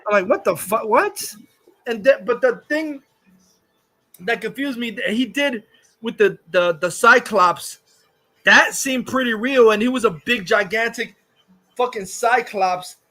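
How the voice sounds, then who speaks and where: High, bright-voiced man ranting. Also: measured pace, poor audio. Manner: rambling, swearing, frequent restarts; exasperated, scoffing. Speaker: host reviewing a movie. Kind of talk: profane live-stream rant.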